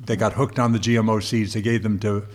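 A man's voice: fairly low pitch, level tone, fast. A man from Long Island co-hosting a casual chat, explaining things at length and often reaching for metaphors. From Long Island, New York. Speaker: co-host.

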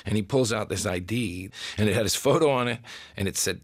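A man's voice: lowish voice, a little fast, no echo. A man telling a comic story in a dry, wry, self-deprecating way.

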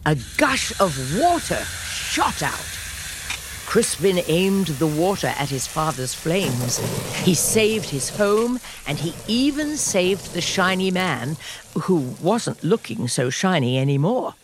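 A woman host reading a children's storybook aloud, gentle and lively in pitch. Her voice is slightly low and unhurried, with a music bed playing underneath.

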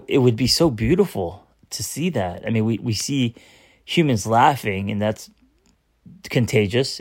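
A man's voice: fairly low pitch, a little mellow, no echo, clean studio sound. A man, a therapist hosting his own show, talking through a personal moment in a casual, earnest, rambling way with frequent restarts. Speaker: therapist and podcast host. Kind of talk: casual reflective monologue.

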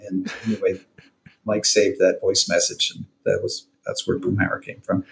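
A middle-aged man chatting as an interview guest, relaxed and halting, often chuckling between thoughts. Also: deep voice, vocal fry, roomy sound, rough recording. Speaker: TV writer and producer, guest. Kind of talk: casual interview conversation.

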